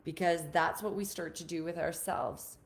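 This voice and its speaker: A woman's voice: lowish voice, fairly even intonation, normal speed. A woman relationship coach talking casually on a live stream to her group, earnest and encouraging, often repeating her key points.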